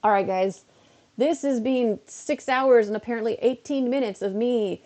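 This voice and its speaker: A woman's voice: a little high, moderate pace, dark tone. A young woman live-streaming and chatting to her viewers, tired, rambling and laughing at herself. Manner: rambling, self-mocking, easily amused.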